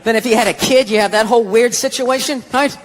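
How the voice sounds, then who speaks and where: A man's voice: extremely high pitch, steady tone, fast talker. A man doing stand-up comedy with a Boston accent, blunt and sarcastic, on a stage mic before a live audience. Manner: sarcastic, blunt, profane delivery.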